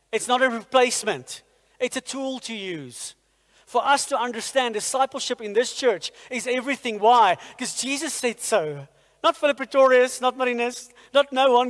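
A man preaching a sermon in a church, energetic and firing rhetorical questions at the congregation. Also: extremely high pitch, normal speed. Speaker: pastor. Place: church hall. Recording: long hall reverb in a church.

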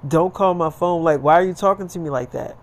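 A man doing a jealous young ex-girlfriend, sarcastic and swearing. She talks sharp and quick, a little high, in a casually told story. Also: lightly acted. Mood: scornful. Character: scornful young woman, jealous ex.

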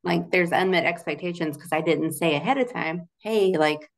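A woman's voice: on the low side, steady tone, fairly quick, vocal fry. A young adult woman in a casual interview, talking in a chatty, loose way with many "like" fillers and frequent laughs. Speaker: guest, Christian relationship coach.

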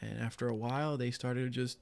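A man's voice: mid-range voice, fairly even intonation, fairly quick, vocal fry, darkish tone, smooth. A man co-hosting a casual true-crime podcast from a small home loft, rambling loosely with lots of fillers. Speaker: podcast co-host.

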